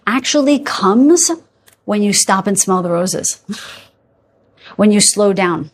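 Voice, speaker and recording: A woman's voice: medium pitch, slow, long pauses. A woman giving a casual tarot reading to her viewers, chatty and full of asides, often checking in with "okay?" and "you guys". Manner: yawns and laughs while talking. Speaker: tarot reader.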